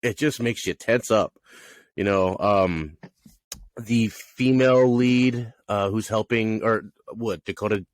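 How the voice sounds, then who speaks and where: A man co-hosting a casual movie review podcast, rambling and animated, often laughing and acting out lines. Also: lowish voice, slow pace. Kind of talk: casual chat.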